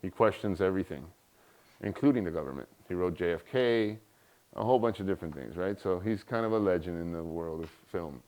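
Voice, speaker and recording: A man's voice: deep voice, a little fast, highs cut off. A middle-aged man giving a guest lecture, telling an anecdote and acting out the people he quotes. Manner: animated, acts out quoted voices. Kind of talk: storytelling in a lecture.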